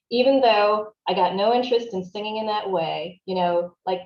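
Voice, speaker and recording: A woman with a low-pitched, mellow voice talks reflectively in an interview, often pausing on "you know" and "like" as she works through ideas. The sound is roomy and a little dull, as if recorded lo-fi in an echoing room. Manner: thoughtful, searching, frequent "you know" and "like" fillers. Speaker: writer and performer, interview guest.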